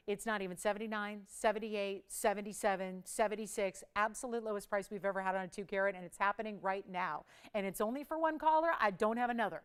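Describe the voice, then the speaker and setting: A woman's voice: mid-range voice, fast, few pauses, clean tone. A woman hosting a live TV jewelry shopping show, counting prices down in an upbeat, persuasive sales patter.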